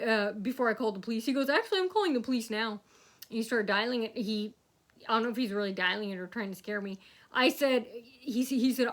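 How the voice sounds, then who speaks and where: A young woman talks straight to camera and rambles through a story, stopping often to act out what others said. Her voice is bright and fairly high. She keeps circling back with fillers and restarts. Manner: rambling, acts out quotes in a loud shouting voice. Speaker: vlogger. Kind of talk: casual storytelling monologue.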